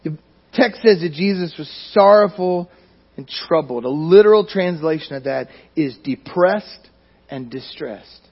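A man preaching a sermon in a church, speaking emphatically and often sinking to near-quiet at the ends of phrases. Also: fairly high pitch, expressive, measured pace, breathy edge. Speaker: pastor. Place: church sanctuary. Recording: dull lo-fi recording.

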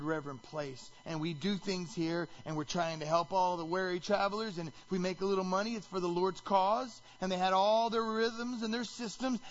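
A man preaching a sermon as pastor, animated and rising to shouts when he acts out quotes. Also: a little high, dull audio.

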